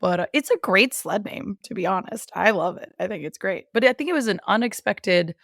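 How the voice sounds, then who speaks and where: A woman co-hosting a podcast in casual chat, wry and quick with comebacks, often laughing. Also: mid-range voice, lively intonation, vocal fry, a bit bright, no room sound, studio quality. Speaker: podcast co-host.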